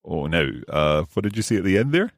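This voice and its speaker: A man with a very low voice hosts a language lesson podcast, playing the learner. He asks curious questions, repeats new words slowly and laughs easily. The sound is dry and close, with no room echo. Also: very animated. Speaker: host and learner.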